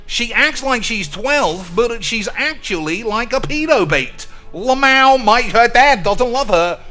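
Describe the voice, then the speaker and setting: A man putting on a mocking falsetto of a ditzy, fake-cute young woman streamer. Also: lively intonation, a little slow, sharp tone, faint music behind, full character voice. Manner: mocking falsetto, giggly and vapid.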